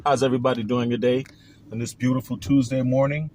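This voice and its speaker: A man's voice: mid-range voice, little pitch movement, quick pace, darkish tone, slight background noise. A man with a New Orleans accent talking straight to his viewers in a rambling, hedging, conspiratorial way. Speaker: vlogger. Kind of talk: parody of a conspiracy-theory health vlog.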